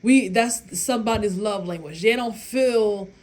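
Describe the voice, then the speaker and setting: A woman's voice: mid-range voice, a little slow, darkish tone. A woman, talking casually and bluntly to her viewers with lots of profanity, giving relationship advice. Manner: blunt, profane, emphatic, laughs at her own story.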